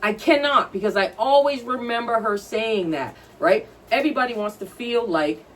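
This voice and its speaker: A woman's voice: on the high side, moderate pace. A woman co-hosting a podcast, telling stories in a blunt, profane, ranting casual chat. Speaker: podcast co-host. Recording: distant from the mic.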